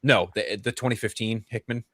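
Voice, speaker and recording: A man hosting a casual livestream chat, rambling excitedly with restarts and the odd swear. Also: mid-range voice, fairly quick, over a noisy crowd. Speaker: podcast host.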